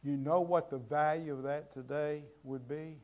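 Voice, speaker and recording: A man preaching a sermon as pastor, asking the congregation rhetorical questions and swinging from loud, emphatic lines to quiet ones. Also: a little high, steady tone, normal speed.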